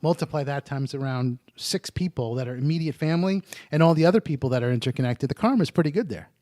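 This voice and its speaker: A man's voice: on the high side, lively intonation, fast talker, mellow, no echo. Chatty man guest, dry close sound. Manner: chatty storyteller, joking asides. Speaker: guest, addiction interventionist. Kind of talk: casual podcast interview.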